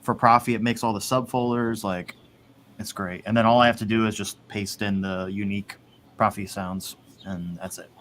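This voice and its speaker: Casual male podcast host, low voice, rambling delivery, slight noise floor. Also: steady tone, normal speed, a bit bright. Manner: rambling, swears, laughs often. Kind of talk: casual chat.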